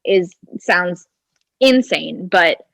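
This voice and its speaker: A woman's voice: lowish voice, animated, very slow, gravelly, fairly bright tone, dry recording, low-quality recording. A woman in her twenties, a podcast guest telling a personal story in a chatty way, leaning on "like" and "kinda" and acting out her own thoughts, speaking into a handheld phone. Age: 20s.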